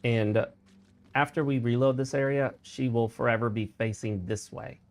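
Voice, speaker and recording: A gaming streamer talks casually as he plays, explaining the game's mechanics and offering his opinions in let's-play style. His voice is medium in pitch, his tone steady, and his speed normal.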